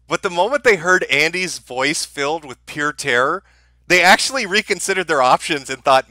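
A man's voice: high-pitched, pushed and bright, dry recording. A man giving mocking commentary over a video clip, sarcastic and laughing at the footage. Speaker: online commentator.

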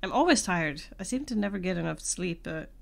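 A woman's voice: lowish voice, expressive, a little fast, vocal fry. A woman streamer chatting casually while playing a video game, self-deprecating and laughing often. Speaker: gaming streamer. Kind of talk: casual gameplay commentary. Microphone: podcast microphone.

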